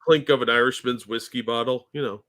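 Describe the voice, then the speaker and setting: A man's voice: medium pitch, steady tone, fairly quick, sharp tone. A man co-hosting a casual podcast, easygoing, agreeable and joking. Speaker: podcast co-host.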